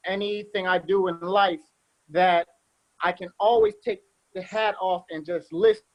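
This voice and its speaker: A man with a high voice gives thanks on a church convention panel. He laughs easily and pokes fun at himself, and talks in a loose, conversational way. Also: poor audio. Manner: laughing, self-deprecating. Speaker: convention committee member.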